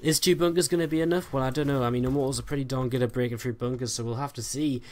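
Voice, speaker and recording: A man casting a live strategy game match, giving rapid play-by-play full of "uh" and "I mean" fillers. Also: mid-range voice, fairly even intonation, a little mellow. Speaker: esports caster.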